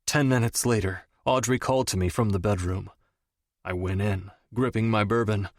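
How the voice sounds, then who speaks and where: Male audiobook narrator, first-person romance, lowish voice, dry close sound. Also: fairly even intonation, moderate pace, no room sound.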